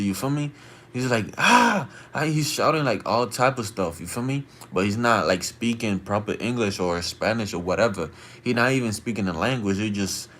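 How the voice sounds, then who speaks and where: Late at night on his stream, a man with a fairly low voice tells a slangy, rambling story, constantly asking his listeners "you feel me." When he acts out the loud shouting of the people in it, his voice jumps far above its usual pitch.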